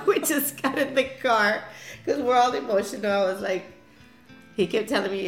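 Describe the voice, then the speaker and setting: A woman's voice: medium pitch, lively intonation, normal speed. A woman in her fifties candidly recounting a family story in an interview, laughing often and restarting sentences. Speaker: mother telling family story. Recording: echoey room with soft guitar music.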